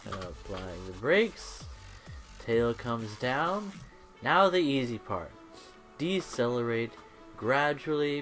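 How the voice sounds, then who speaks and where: A man's voice: medium pitch, expressive, slow, a bit bright. A man giving playful live commentary while flying a plane in a game, making gun sound effects. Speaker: gamer. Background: faint electronic music.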